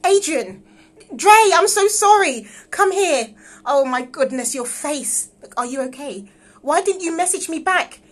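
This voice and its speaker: In a live script read-through heard through a phone on a livestream, a woman reads the part of a distraught young wife in love with her husband's friend. She sounds emotional and pleading, her natural voice high and at normal speed.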